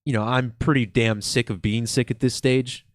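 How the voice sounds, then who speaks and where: A congested man hosts his own channel in a relaxed, slow chat, full of ums and restarts. His voice sits at an ordinary middle pitch. The sound is dry and close, with no room around it. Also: no room sound. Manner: relaxed, slow and chill, with many fillers. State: congested from a cold. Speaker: channel host. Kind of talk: casual video commentary.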